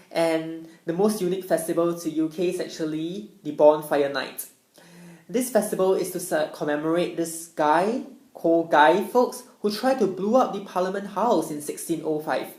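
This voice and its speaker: A woman's voice: sits low, darkish tone. A young woman, an international student, giving an upbeat explanatory presentation. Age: young adult. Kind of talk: presentation talk. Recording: echoey room.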